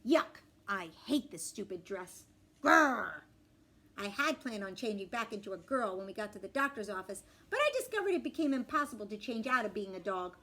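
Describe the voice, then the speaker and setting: A woman reading a children's book aloud in an expressive, animated way. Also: on the high side. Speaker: storybook reader.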